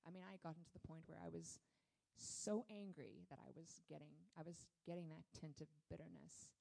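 A woman speaks to a church congregation, sharing a candid personal testimony with lively storytelling and frequent fillers. Her voice is mellow and dark, with a gravelly fry, and it sits on the lower side for a woman. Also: a little fast, low-quality recording.

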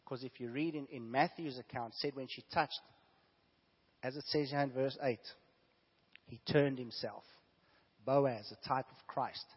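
Sick with a fever and sore throat, a pastor delivers a sermon in a husky, medium-pitched, steady voice, unhurried and with long pauses. He alternates hushed asides with loud, emphatic exclamations, and the sound is dull and lo-fi with a long echo from a church hall.

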